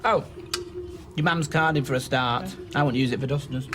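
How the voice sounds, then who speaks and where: A man's voice: mid-range voice, moderate pace, natural voice. Cheeky guy actor teasing his mate, music playing underneath.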